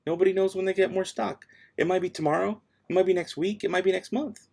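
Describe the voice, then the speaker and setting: Late at night at home, a livestream host who is a dad chats casually, answering chat between tasks with offhand sass as he reads viewer questions aloud. He speaks quickly in a high, gravelly, darkish voice with fairly even intonation.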